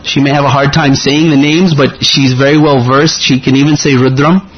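A man's voice: medium pitch, flat delivery, moderate pace, breathy edge. A man in his thirties giving an earnest personal testimony, telling a story and acting out the dialogue. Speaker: devotee sharing a personal story. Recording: slightly muffled audio with faint hiss.

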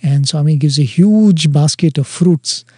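A man's voice: fairly high pitch, measured pace, warm tone, husky, no echo. A man earnestly telling a devotional story, quoting dialogue along the way. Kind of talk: devotional anecdote.

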